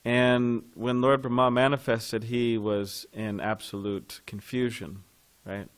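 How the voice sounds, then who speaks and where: A man's voice: mid-range voice, flat delivery, slow, smooth. A man teaching a devotional scripture class in a temple, talking in a loose conversational way and putting questions to his listeners.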